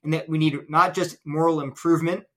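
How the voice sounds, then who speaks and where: Male interview guest, fairly high, bright and forceful tone, methodical explainer. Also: fairly even intonation, fairly quick. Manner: earnest, illustrative, builds points step by step. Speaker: guest apologist.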